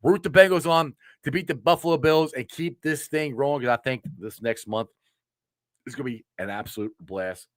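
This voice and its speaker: A man hosting a casual football show, laughing a lot and talking loosely and excitedly. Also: medium pitch, moderate pace, no echo, clean studio sound. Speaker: show host. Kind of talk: casual sports show chat.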